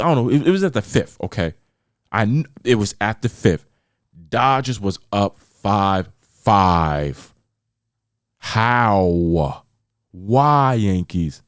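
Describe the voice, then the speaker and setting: A man from New York hosting a podcast, venting about sports in a rambling, animated way with many repeats. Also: mid-range voice, no room sound, clean studio sound. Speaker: podcast host. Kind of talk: casual solo podcast chat.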